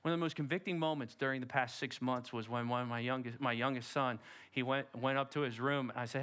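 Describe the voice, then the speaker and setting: A man's voice: mid-range voice, fairly even intonation, fast talker, fairly bright tone, clear, resonant tone. Emphatic man preaching a sermon. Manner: emphatic, direct preaching with rhetorical questions. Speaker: pastor. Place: church sanctuary.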